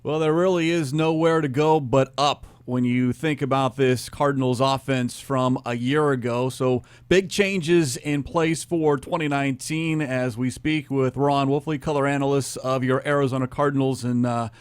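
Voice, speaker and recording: A man hosting a sports talk show, introducing segments briskly and giving his own opinions. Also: mid-range voice, steady tone, clean tone, dry recording.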